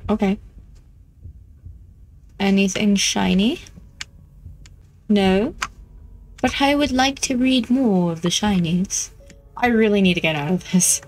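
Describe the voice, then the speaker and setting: A woman chatting playfully as she plays a video game, easily excited. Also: mid-range voice, slow pace, long pauses, slight background noise. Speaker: gameplay streamer. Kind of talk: casual gameplay commentary.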